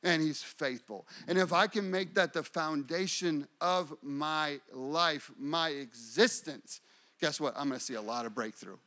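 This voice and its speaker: A man's voice: a little high, unhurried, bright, forceful tone. A man preaching a sermon, repeating phrases and telling a personal story. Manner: repetitive, declaring, testimony-telling. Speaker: pastor.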